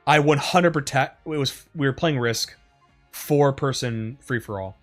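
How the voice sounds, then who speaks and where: A man's voice: mid-range voice, measured pace, faint music behind. Rambling, profane male streamer. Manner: rambling, profane, animated retelling with frequent fillers. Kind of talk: casual storytelling over gameplay.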